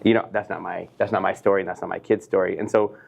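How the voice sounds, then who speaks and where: A man's voice: deep voice, level tone, fast talker, creaky, husky. A middle-aged man, a business professor, talking earnestly and expressively as a guest in a casual interview.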